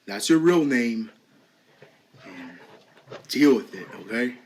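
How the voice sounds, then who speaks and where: A man voicing a smug male officer and teacher who taunts in a low, slow, mocking drawl. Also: lively intonation, darkish tone, rough recording. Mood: smug, taunting.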